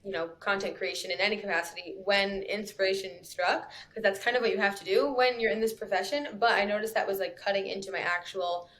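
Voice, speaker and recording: A woman's voice: medium pitch, steady tone, quick pace, few pauses, fairly bright tone. A woman, talking casually as a podcast guest, chatty and laughing often. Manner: chatty, laughs often, lots of "you know" and "like". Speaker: copywriter guest.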